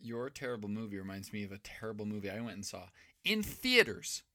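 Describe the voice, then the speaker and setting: A man's voice: lowish voice, sing-song, a little fast, pushed and bright. A man co-hosting a casual podcast, recapping a movie plot in a rambling, profane way. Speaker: podcast co-host.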